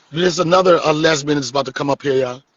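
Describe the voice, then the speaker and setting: A man's voice: a little high, fairly bright tone, highs cut off. A man hosting a live stream, joking and teasing his guests in casual, profane comedic chat.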